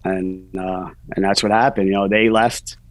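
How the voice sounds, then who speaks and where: A man's voice: sits low, little pitch movement, moderate pace, dry recording, poor audio. A man, a podcast guest telling his story candidly in casual talk, full of "you know" fillers. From New York.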